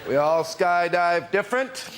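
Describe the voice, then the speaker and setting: A man doing a halting, deadpan stand-up bit on a panel show. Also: sits high, noisy background. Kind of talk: stand-up routine.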